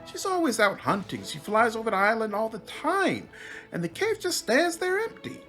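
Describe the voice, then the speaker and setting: A man's voice: high-pitched, huge pitch swings, normal speed, pushed and bright, faint music behind, voice pushed up, heavily acted. A man voicing a vain female swamp demon queen who is petulant, whiny and awkwardly flirtatious. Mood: smug.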